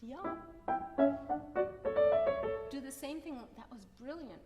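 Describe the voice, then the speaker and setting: Speaking slowly in a high voice with lively intonation, a woman runs a piano masterclass, singing phrases to demonstrate and encouraging throughout. The sound is an echoey hall with a piano playing.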